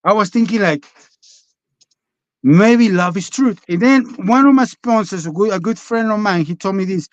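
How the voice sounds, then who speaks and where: A podcast guest with a high-pitched voice recounts his own story candidly and bluntly, rambling and swearing freely. He talks at a moderate pace, and the recording is dry, close and somewhat dull and lo-fi, with no room sound.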